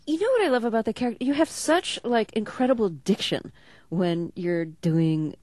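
Middle-aged female interviewer, mid-pitched, curious, laughs easily, dry studio sound. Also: animated, moderate pace, a little mellow, no echo. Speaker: radio interviewer. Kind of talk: radio interview.

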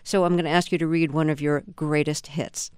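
Woman radio interviewer, smooth clear voice, dead dry studio sound, calm and measured. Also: sits low, dry recording. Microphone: studio microphone.

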